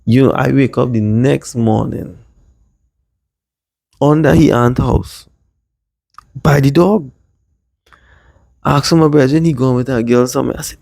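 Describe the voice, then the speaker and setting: A man from Trinidad with a Trinidadian accent, casually telling a rambling personal story in lively dialect. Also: medium pitch, unhurried, vocal fry, pauses often, no echo. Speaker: vlogger.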